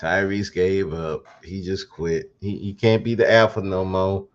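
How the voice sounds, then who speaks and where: A man's voice: low-pitched, little pitch movement, a little slow, highs cut off. A man hosting his own podcast, talking through a casual, sarcastic commentary monologue with mocking laughing asides. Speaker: podcast host.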